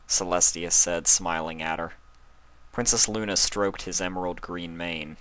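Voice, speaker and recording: A man reads a fan-written story aloud in a calm, steady way. His voice sits fairly low. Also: normal speed, clear, resonant tone, poor audio. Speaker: reader. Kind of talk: fanfiction reading.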